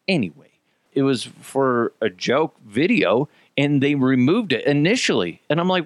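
A man hosting a podcast in casual opinion talk, animated and profane, drifting between tangents. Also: mid-range voice, moderate pace, no room sound, clean studio sound. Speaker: podcast host.

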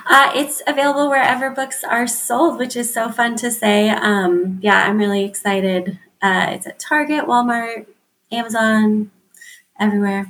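A woman's voice: on the high side, fairly even intonation, normal speed, fairly bright tone. A woman who is an author and teacher, a podcast guest who talks in a bubbly way, laughs often and says "like" a lot. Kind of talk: casual interview chat.

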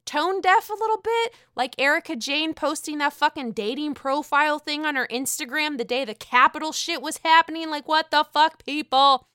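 A woman giving casual, blunt commentary, full of swearing and animated outbursts. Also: high-pitched, normal speed, clear, resonant tone, dry recording, clean studio sound. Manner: blunt, profane, animated rant.

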